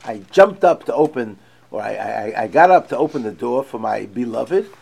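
A man's voice: mid-range voice, expressive, moderate pace, gravelly, darkish tone, a little hiss or hum. A man teaching a text study class, reading passages aloud and explaining them with emphatic feeling.

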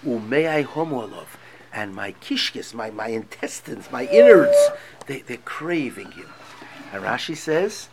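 A man's voice: mid-range voice, very animated, unhurried, very noisy. A man teaching a text study class, reading passages aloud and explaining them with emphatic feeling.

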